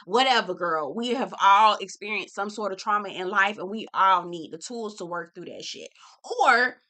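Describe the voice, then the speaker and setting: Young woman doing a reality show recap, bright clear voice, blunt and chatty, talks right to the viewers. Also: mid-range voice, normal speed. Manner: candid, chatty, swears and talks to viewers as "girl" and "y'all". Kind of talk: casual chat.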